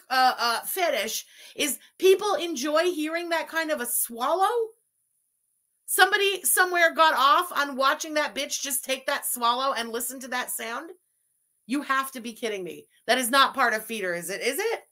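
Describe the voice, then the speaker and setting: Woman, stream host, profane mocking rant, reads super chats, sharp voice. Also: sits high, expressive, moderate pace. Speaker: stream host reacting to a video. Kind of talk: live-stream reaction commentary.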